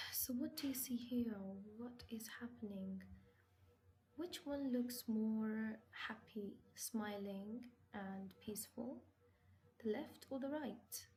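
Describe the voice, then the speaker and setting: A woman's voice: on the high side, warm tone, low-quality recording. A woman teaching English vocabulary, asking questions and answering them herself, stressing key words. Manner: patient, asks and answers her own questions. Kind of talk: slow classroom explanation with questions.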